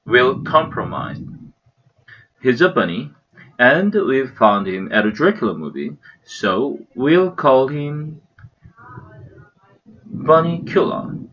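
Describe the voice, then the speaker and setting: A man with a Korean accent voicing a calm, firm mother in a storybook reading, slow and measured. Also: mid-range voice, dull audio, voice pushed up.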